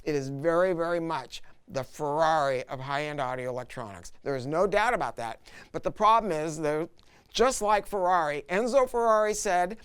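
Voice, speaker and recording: A middle-aged man presenting an audio product review, telling stories in an emphatic, animated way. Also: a little high, normal speed, clear, resonant tone. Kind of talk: casual product review talk.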